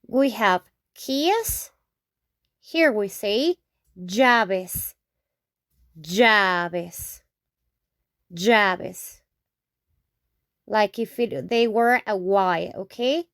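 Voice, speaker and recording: A woman's voice: fairly high pitch, animated, takes it slowly, no echo, studio quality. A woman teaching. She goes through a vocabulary lesson patiently, repeating each example word several times and checking in with "okay?". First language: Spanish. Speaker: Spanish teacher. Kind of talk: slow alphabet lesson with repeated example words.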